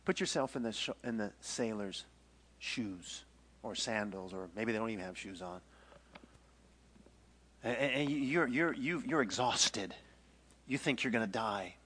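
A man's voice: fairly low pitch, a little slow, long pauses, slight background noise. Playful man teaching a Bible story. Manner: animated, playful, acts out the story with jokes. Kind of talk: casual Bible storytelling lesson.

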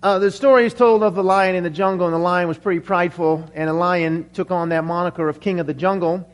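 High-voiced earnest male pastor. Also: fairly even intonation, fast. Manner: earnest, prayerful, with frequent restarts. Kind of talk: sermon.

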